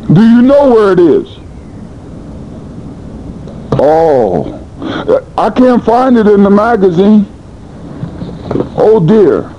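A man preaching a sermon in a blunt, colloquial manner, swinging between high and low in animated bursts. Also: highs cut off, slight background noise. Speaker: pastor.

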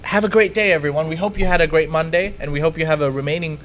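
A man's voice: fairly high pitch, fairly even intonation, fast, a bit bright, slight background noise. Upbeat man hosting a live stream. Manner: upbeat, joking, thanks viewers. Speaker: livestream co-host. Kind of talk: casual live-stream chat.

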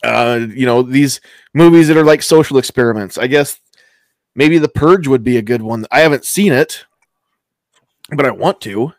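Casting: man, mid-pitched, rambling, casual podcast co-host, dry close sound. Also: moderate pace, dry recording. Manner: rambling, restarts often, laughs easily. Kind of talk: casual chat.

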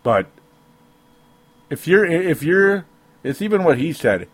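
This sports talk podcast host rants emotionally by himself in a fairly high, sing-song voice, speaking slowly with frequent pauses. He rambles, interrupts himself and laughs softly between points, with no room sound.

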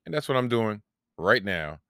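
A man's voice: on the low side, big pitch swings, normal speed, a bit bright, clean tone, no echo, studio quality. A man, hosting a solo podcast and telling a long, rambling, profane story about himself with self-mocking humor. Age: 40s. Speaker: podcast host.

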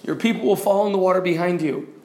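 High-voiced man teaching preaching delivery. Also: fast. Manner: demonstrative, mimics examples, varies loudness for effect. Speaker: preaching instructor.

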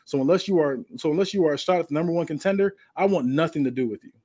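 A man's voice: on the high side, very fast, dark tone, lightly acted. A man voicing a menacing, boastful male wrestling champion who threatens his rival.

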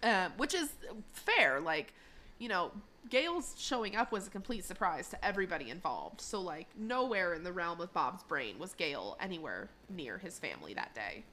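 A woman co-hosts a podcast and recaps an episode in a chatty, giggly way. Her talk is sprinkled with fillers, and her pitch swings in lively, animated curves. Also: moderate pace. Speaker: podcast co-host.

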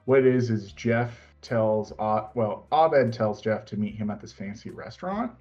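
A man's voice: lowish voice, measured pace, dark tone, highs cut off, faint music behind. A man casually chatting about a favorite TV show, rambling and laughing often as he retells scenes. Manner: rambling, laughs often, breaks into quoted voices.

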